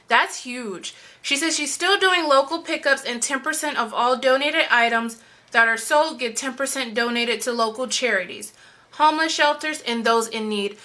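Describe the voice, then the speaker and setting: Bright-voiced young woman gushing on camera. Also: high-pitched. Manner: gushing, chatty, lots of "you guys" and "like". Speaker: vlogger. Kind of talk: unboxing vlog chat.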